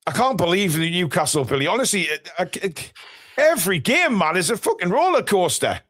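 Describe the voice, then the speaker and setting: A man with a notably high voice commentates a live match for fans. He is excitable, bursting into shouts and swearing at every twist of the game. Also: moderate pace. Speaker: fan channel host. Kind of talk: live football watchalong commentary.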